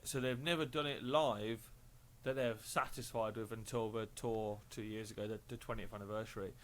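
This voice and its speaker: A man's voice: on the low side, fairly even intonation, normal speed, few pauses. A man co-hosting a music podcast in casual chat, rambling and joking with lots of fillers and restarts. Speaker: podcast co-host.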